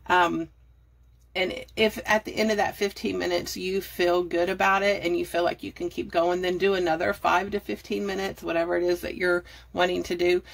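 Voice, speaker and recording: A gravelly, fairly low-pitched voice belongs to a middle-aged budgeting and decluttering vlogger. Out of breath, she offers chatty, rambling decluttering tips to her phone camera in a casual how-to talk.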